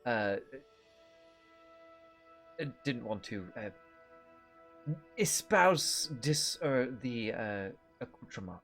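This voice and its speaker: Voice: mid-range voice, expressive, slow pace, pauses often, a bit bright, soft background music, voice pushed down. A game master voicing a polite, fussy male spectral servant who hesitates and fills his sentences with uhs. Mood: apologetic.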